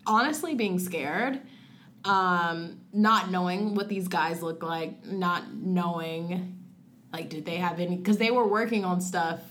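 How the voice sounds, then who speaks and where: A young woman telling a personal story in a casual conversation, filling it with "like" and quoting her own thoughts, rushing some phrases and slowing on others. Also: on the low side, a bit bright, slight background noise. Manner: frequent "like" fillers, acts out her own past thoughts in quotes; rushes through phrases, then slows on key words. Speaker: guest sharing a personal story.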